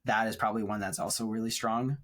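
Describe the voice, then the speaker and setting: Speaking quickly in a lowish, steady voice, this film podcast co-host rambles thoughtfully through casual chat, laughing frequently. He's recorded on a remote setup.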